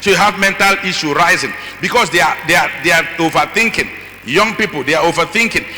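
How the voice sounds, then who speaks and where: A middle-aged man speaking as a conference speaker, animated and acting out voices with asides to the audience. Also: a little high, fast talker. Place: large conference hall. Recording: long hall reverb, faint noise.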